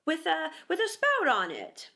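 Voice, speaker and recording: A woman's voice: high voice, wildly swooping pitch, unhurried, vocal fry, pushed and bright, pitched above the performer's own voice, heavily acted. A woman voicing a self-important boy pretending to be a doctor, pompous and tut-tutting, in a storybook reading.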